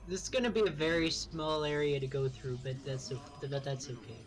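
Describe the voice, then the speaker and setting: A man's voice: a little high, brisk. A man making sarcastic jokes in casual gaming banter over voice chat. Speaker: gamer on stream.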